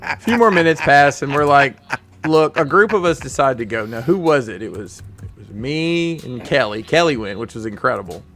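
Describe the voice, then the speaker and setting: A man's voice: medium pitch, animated, moderate pace, a bit bright, soft background music. A man hosting a podcast, telling a long rambling anecdote with many restarts and bursts of laughter. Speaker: podcast host. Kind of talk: casual storytelling chat.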